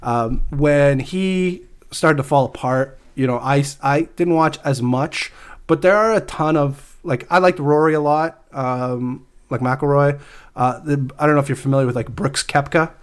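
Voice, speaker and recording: A man co-hosting a podcast, chatting casually in a rambling, halting way. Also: a little high, clean tone. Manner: rambling, halting, with many fillers. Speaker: podcast co-host. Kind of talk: casual chat.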